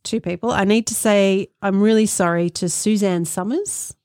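A woman co-hosting a podcast, chatting casually and quickly with asides. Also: mid-range voice, darkish tone, no room sound, clean studio sound. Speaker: podcast co-host. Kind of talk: casual banter.

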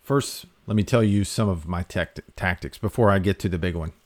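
A man hosting a talk, giving health advice in a relaxed, conversational way with fillers and restarts. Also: low voice, a little fast, no echo. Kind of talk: casual explanatory talk.

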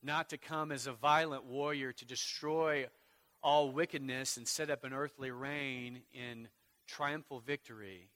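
A pastor delivers a sermon, moving between quiet, slow passages and loud, forceful ones. His voice is mid-range with fairly even intonation.

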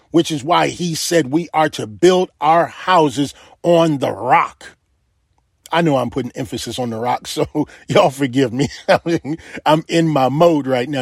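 Male preacher, somewhat high voice, dry close sound, emphatic repetitive sermon cadence. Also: slightly rough, no room sound.

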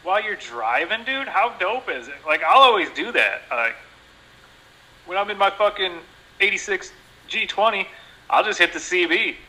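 A man's voice: high-pitched, moderate pace, low-quality recording. A man hosting a casual podcast chat, swearing freely, laughing often and telling stories with lots of energy. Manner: swears a lot, laughs often, animated storytelling. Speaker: podcast host.

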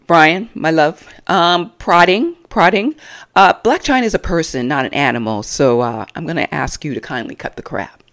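A woman with a low voice gives a solo reality TV review. She swings her pitch widely as she delivers blunt, sassy put-downs. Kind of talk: opinionated solo commentary.

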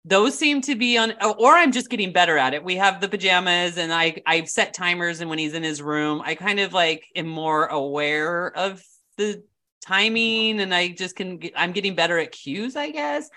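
A woman co-hosting a podcast in casual chat, candid and quick to laugh, often quoting other people as she tells stories. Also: fairly low pitch, bright, forceful tone. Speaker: podcast co-host.

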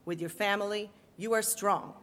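A woman's voice: mid-range voice, steady tone, normal speed, lightly acted. A woman doing a strident Brooklyn mob mama. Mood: boastful. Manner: loud, bossy, emphatic. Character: domineering older Italian-American mob matriarch. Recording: long hall reverb.

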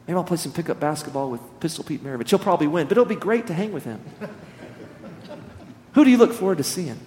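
A man preaching to a congregation, spinning stories with humor and energy. His voice sits fairly high. Long hall reverb trails each phrase. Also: a little fast, a little hiss or hum. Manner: animated storytelling, humorous. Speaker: pastor. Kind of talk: sermon.

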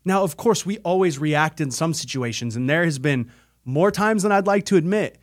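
Earnest man with a slightly high voice. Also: animated, moderate pace. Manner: earnest, emphatic, repeats phrases for effect. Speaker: podcast host. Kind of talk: motivational personal storytelling.

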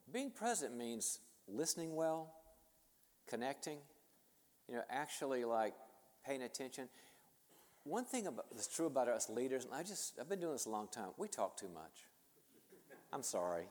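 Man speaking in a reverberant hall. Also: mid-range voice. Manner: conversational, self-deprecating, animated storyteller. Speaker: speaker and author addressing leaders. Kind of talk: conference talk with personal storytelling.

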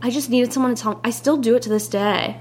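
A young woman hosting a podcast, telling family stories in a giggly, animated way. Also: fairly high pitch, fast talker, slight background noise. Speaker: podcast host. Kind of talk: casual family chat.

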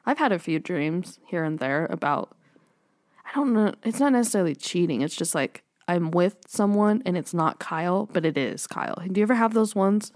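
Relaxed woman co-host, lowish voice. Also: moderate pace, no room sound, studio quality. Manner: relaxed, chiming in with short reactions. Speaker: podcast co-host. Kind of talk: casual podcast chat.

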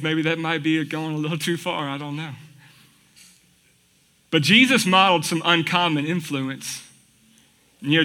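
Pastor preaching, really bright ringing voice, chatty and folksy. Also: male voice, fairly high pitch. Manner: conversational, folksy, rhetorical questions. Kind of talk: sermon.

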